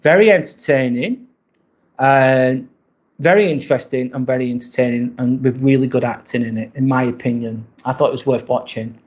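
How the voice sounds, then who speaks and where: A man's voice: mid-range voice, normal speed, darkish tone. A man with an English accent hosting a casual live stream from an apartment, chatting and answering viewer comments as they come in. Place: rented apartment indoors.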